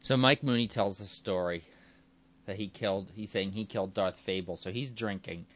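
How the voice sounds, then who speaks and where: Low-voiced man rambling through a recap. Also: moderate pace, a bit bright. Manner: rambling, self-correcting, chuckling. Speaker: storyteller. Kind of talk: casual recap of a story.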